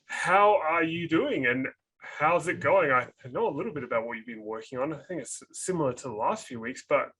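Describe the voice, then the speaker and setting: A man's voice: on the high side, animated, a little fast, fairly bright tone, slightly rough, rough recording. A man co-hosting a casual podcast, a father who jokes and banters with his guest and laughs easily. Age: adult parent. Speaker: podcast co-host.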